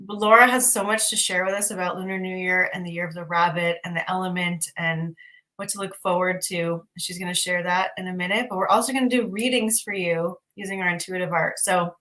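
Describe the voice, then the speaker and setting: A woman's voice: on the low side, a little fast, pushed and bright, rough recording. A woman hosting a livestream as a spiritual teacher, talking in a bubbly, enthusiastic, effusive way. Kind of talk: livestream casual chat.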